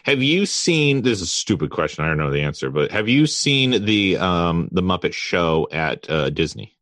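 A man co-hosting a casual podcast chat, animated and jokey, often affirming his partner. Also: sits low, normal speed, dry recording, studio quality. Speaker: podcast co-host.

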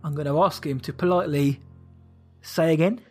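A man's voice: on the high side, fairly quick, soft background music. A man playing a character in a tabletop role-playing game, confident and jokey. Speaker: player.

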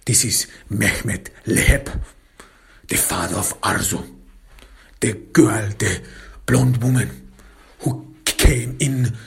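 A man narrating a dark first-person story, intense and angry, often dropping into whispers. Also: medium pitch, gravelly, slightly rough.

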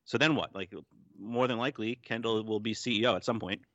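Low-pitched man co-host, emphatic, with a dull lo-fi sound. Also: steady tone, brisk, a bit bright, dry recording. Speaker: podcast co-host. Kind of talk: casual chat.

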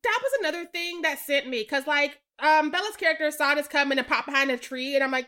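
A woman's voice: high-pitched, fast talker. A woman co-hosting a podcast, chatting casually about a film, laughing often and quoting her own reactions. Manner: laughs often, relaxed storytelling with quoted reactions. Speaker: podcast co-host. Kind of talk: casual chat reviewing a film.

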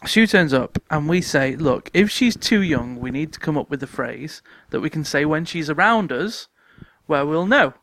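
A man's voice: on the high side, animated, normal speed, few pauses, a bit bright. A man co-hosting a casual podcast, telling stories and laughing often as he talks. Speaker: podcast co-host. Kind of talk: casual chat, storytelling.

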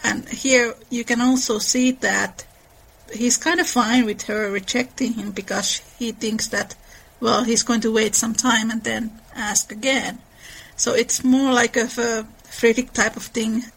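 A woman's voice: a little high, steady tone, a little slow, vocal fry, husky, rough recording. A woman hosting a podcast, chatting casually about books and reading passages aloud. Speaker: podcast host. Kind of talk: casual book discussion.

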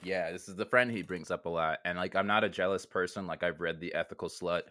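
A man co-hosting a casual comedic podcast, talking in halting, self-deprecating bursts full of restarts. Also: deep voice, steady tone, pushed and bright, no echo, clean studio sound. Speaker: co-host.

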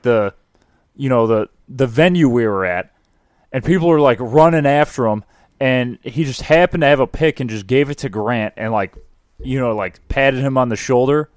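A young man telling a story in a loose, rambling way, full of "like" and "you know". His voice is mid-pitched and the sound is dry and close. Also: no room sound. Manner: rambling, lots of fillers. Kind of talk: casual chat.

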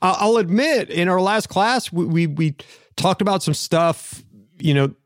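A man's voice: high voice, expressive, unhurried, no echo, clean studio sound. A man improvising a comedy scene as a reluctant student, hesitant and stammering as he talks. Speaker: comedy podcast regular playing a reluctant student.

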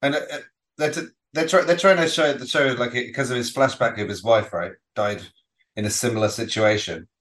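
A man's voice: medium pitch, fairly quick, fairly bright tone. Rambling man co-hosting a film podcast. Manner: rambling, restarts sentences, laughs often. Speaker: podcast co-host. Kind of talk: casual film podcast chat.

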